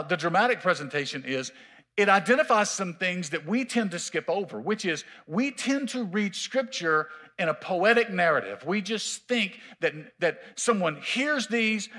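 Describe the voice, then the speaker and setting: A man preaching a sermon as pastor in a church, emphatic and drawn-out, repeating his key words. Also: high voice, a bit bright. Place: church sanctuary.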